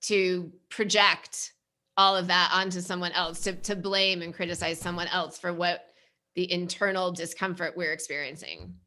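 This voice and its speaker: Bright-voiced woman speaking earnestly. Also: lowish voice, fairly even intonation, moderate pace. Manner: earnest, thoughtful, emphatic. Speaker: podcast co-host. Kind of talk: casual conversation.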